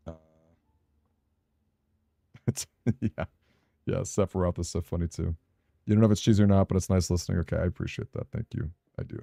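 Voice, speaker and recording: A young man with a fairly low voice chats loosely through a live game stream. He reads comments aloud, laughs easily and second-guesses himself. The sound is close and dry with no room behind it. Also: animated, normal speed, vocal fry, long pauses, dry recording. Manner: chatty, self-conscious, laughs often, reads chat aloud. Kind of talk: casual live-stream chat while playing.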